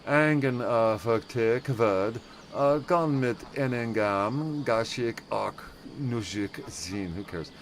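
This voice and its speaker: An American man hosts a laid-back game livestream, rambling, cutting himself off, and packing in fillers as he jokingly butchers German words. His voice is mid-range and slow, with a little background noise.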